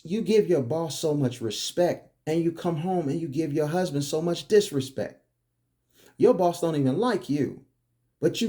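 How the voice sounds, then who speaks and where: A man's voice: a little high, expressive, moderate pace, mellow. A man delivering a preachy monologue, firing off emphatic, repetitive rhetorical questions. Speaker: commentary host.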